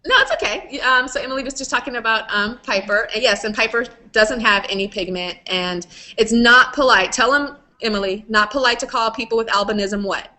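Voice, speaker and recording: A woman's voice: fairly high pitch, brisk, hardly any pauses, pushed and bright. A woman hosting a playful, casual video chat with fans, laughing often. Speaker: host. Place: video call. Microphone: video call.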